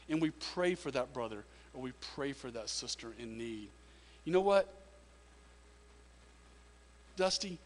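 A man's voice: mid-range voice, a bit bright. Earnest male pastor in a reverberant hall. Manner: repeats words, earnest and emphatic. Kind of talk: sermon.

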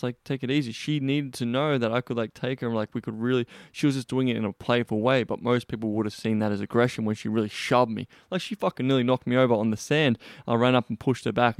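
A man's voice: mid-range voice, no room sound, studio quality. Blunt, foul-mouthed young man telling stories. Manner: blunt, heavy swearing, rambling with restarts. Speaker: podcast host. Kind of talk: casual storytelling monologue.

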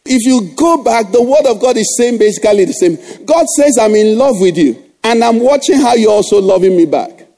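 A man's voice: high voice, lively intonation, a little fast, few pauses, dark tone. A middle-aged male pastor preaching a sermon, exhorting the congregation with rhetorical questions.

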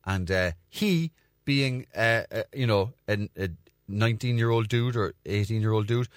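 A man's voice: moderate pace, no echo, studio quality. A young Irish man, a comedian hosting his own show, telling a rambling, crude story with plenty of swearing. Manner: rambling, crude, swears freely, acts out voices in a high pitch. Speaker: comedian podcast host. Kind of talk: casual storytelling monologue.

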